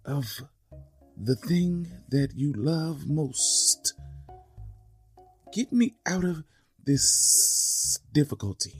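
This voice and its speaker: A man voicing a sly, pleading snake in a storytelling podcast, drawing out each word slowly. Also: medium pitch, husky, voice pushed up, full character voice. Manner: slow drawn-out hissing pleas.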